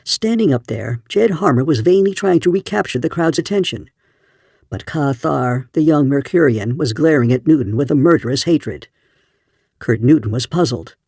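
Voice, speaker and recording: A man narrating an audiobook in a steady storytelling voice. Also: on the high side, normal speed, creaky, dry recording, studio quality. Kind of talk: scripted narration.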